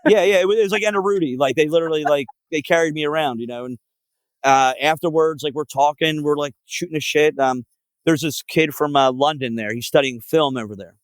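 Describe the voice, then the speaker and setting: A man's voice: fairly high pitch, fairly quick, no room sound, rough recording. A man, a guest musician telling road stories in a casual podcast chat, profane and full of filler words. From Philadelphia area.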